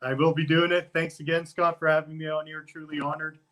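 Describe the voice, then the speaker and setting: A man's voice: fairly high pitch, level tone, brisk, fairly bright tone. A man as a guest on a casual interview podcast, talking in an easygoing, upbeat way.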